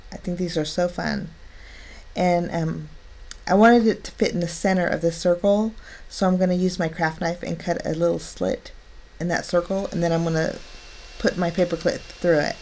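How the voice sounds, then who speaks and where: A woman's voice: fairly low pitch, darkish tone. A woman narrating a card-making tutorial, chatty and step-by-step, delighted with her work.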